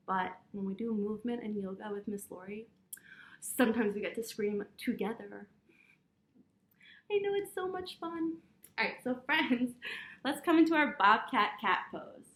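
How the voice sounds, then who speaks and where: A woman teaching yoga to children, reading a story aloud in a gentle, encouraging way and roaring and meowing with them. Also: a little high, far from the mic. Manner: gentle, encouraging, playful animal sounds. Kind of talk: storytime with kids' yoga instruction. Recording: echoey room.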